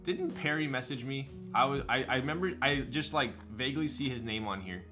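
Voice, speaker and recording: A man's voice: medium pitch, fairly quick, over music. A man chatting casually on a live stream, answering his viewers' questions as they come in. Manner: chatty, loose, reads and answers chat.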